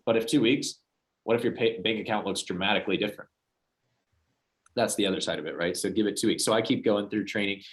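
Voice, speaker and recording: A young man talks fast in a lowish voice as he runs a sales training session. He tells stories to the trainees and acts out each person's lines. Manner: storytelling, acts out quoted voices. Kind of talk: motivational training talk.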